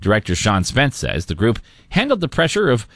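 A man reading a local radio newscast in a steady, measured newsreader manner. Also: medium pitch, no room sound, studio quality. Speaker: radio news anchor.

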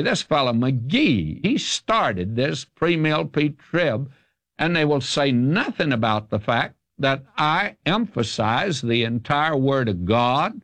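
A man's voice: medium pitch, fairly bright tone, dry recording. An older man from the South, answering listeners' questions as a radio Bible teacher in an emphatic, folksy way. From American South.

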